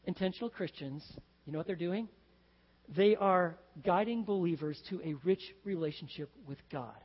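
A man preaching a sermon as pastor, animated and building to excited shouts. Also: high voice, normal speed, long reverb tail, lo-fi sound. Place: church sanctuary.

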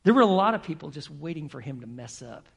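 A male pastor preaching to his congregation in a gravelly, husky voice that sits a little high for a man. He tells a story and keeps asking his listeners questions, drawing them into it. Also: very animated, fast talker. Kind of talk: sermon.

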